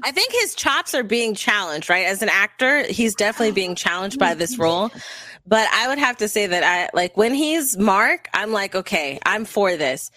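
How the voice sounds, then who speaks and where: A woman's voice: medium pitch, expressive, normal speed, bright, forceful tone, dry recording. Chatty woman hosting a group chat. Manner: chatty, lots of fillers. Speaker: podcast host. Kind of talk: casual group discussion.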